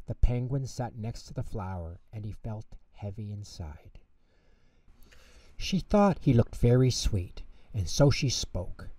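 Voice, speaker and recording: Male narrator reading a bedtime story, expressive and measured, mellow-voiced, mic a bit distant. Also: lowish voice, no echo. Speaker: storyteller host.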